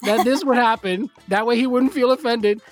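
A woman's voice: a little high, normal speed, soft background music. A woman hosting a show, setting up a segment in a chatty way and laughing between phrases. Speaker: show host.

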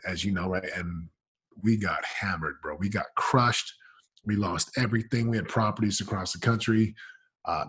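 A man's voice: deep voice, fairly bright tone, breathy edge. A man in his forties, a podcast guest telling his story candidly in an emphatic, casual, slangy way.

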